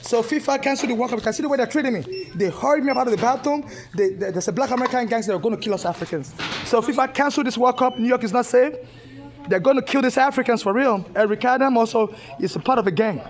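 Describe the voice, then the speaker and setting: A woman's voice: a little high, fast talker, a crowd in the background. A woman from Nigeria, ranting in an agitated, repetitive, insistent way indoors in a public building, recorded on a handheld phone. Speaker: protester. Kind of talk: angry ranting monologue.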